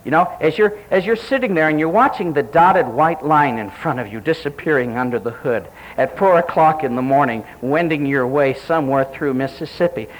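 A man preaching a sermon, telling a story in an animated way and acting out the voices he quotes. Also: moderate pace, few pauses, rough recording. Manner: animated, acts out quoted voices with sharp pitch jumps.

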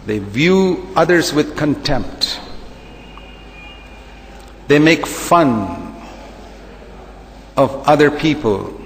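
Emphatic preacher, echoey hall. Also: male voice, on the high side. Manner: emphatic, repetitive preaching with rhetorical questions. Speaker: pastor. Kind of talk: sermon.

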